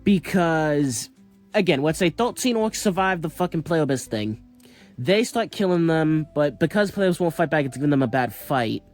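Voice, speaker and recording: A man's voice: a little high, animated, moderate pace. Rambling man with faint music behind. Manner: rambling, filler-heavy, many restarts. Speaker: commentator. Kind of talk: casual speculative monologue.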